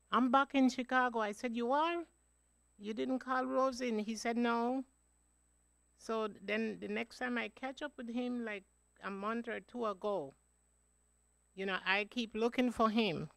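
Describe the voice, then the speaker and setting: Woman, gravelly voice, dry close sound, slow rambling funeral remembrance. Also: mid-range voice, fairly bright tone, no room sound. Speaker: eulogy speaker, cousin of the deceased. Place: funeral home.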